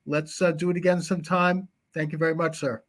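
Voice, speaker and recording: A man's voice: a little high, flat delivery, a little fast. A man hosting a live talk show, thanking his guest and chatting through plugs in an affable way.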